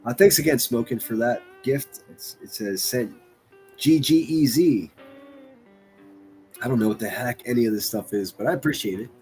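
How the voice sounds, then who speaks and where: A man's voice: medium pitch, brisk, few pauses, darkish tone, soft background music. A man hosting a stream, ranting crudely and mocking people in exasperated bursts. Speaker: streamer host.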